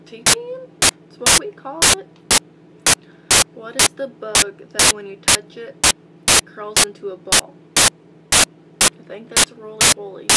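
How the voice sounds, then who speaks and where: Slow-talking Southern young woman, laptop hum. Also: mid-range voice. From Albany, Georgia, US. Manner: chatty, reads list aloud, rambling asides. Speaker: vlogger. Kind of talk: casual accent-tag video. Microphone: built-in laptop mic. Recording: loud hum and static from a laptop mic.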